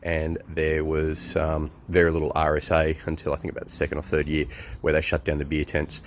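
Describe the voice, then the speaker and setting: Low-voiced Australian man telling a rambling yarn. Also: completely flat delivery, brisk, slight background noise. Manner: chuckling, loose storyteller with many fillers. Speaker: friend giving a birthday message. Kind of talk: rambling anecdote.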